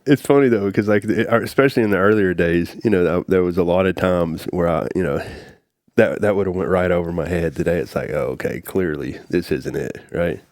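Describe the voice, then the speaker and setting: A man hosts a recovery podcast in a relaxed, agreeable manner, often answering with short yeahs. His voice sits very low. The sound is dry and close. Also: brisk, no echo. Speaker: podcast host. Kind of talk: casual interview chat.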